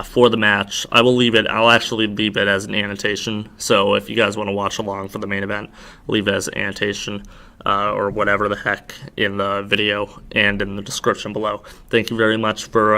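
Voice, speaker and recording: Low flat-voiced tired young man. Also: clear, resonant tone. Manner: rambling with frequent uh fillers. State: tired, slurring words. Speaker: podcast host. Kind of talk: casual solo recap.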